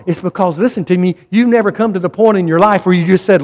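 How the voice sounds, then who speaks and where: A man's voice: high-pitched, lively intonation, brisk, few pauses, big-room sound. A man preaching a sermon as pastor, speaking emphatically and often urging the congregation directly. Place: church sanctuary.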